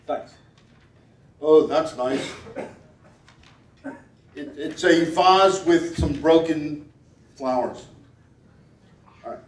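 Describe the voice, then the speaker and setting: A man with a fairly high voice runs a playful stage act, teasing volunteers and repeating short commands in a steady rhythm. His voice rings through a large, echoing hall. The mic catches him from some way off. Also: drawn-out words, long pauses. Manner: playful, teasing, wry asides. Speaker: stage performer reading body language. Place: event hall at a gala. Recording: roomy hall, voice picked up from a distance.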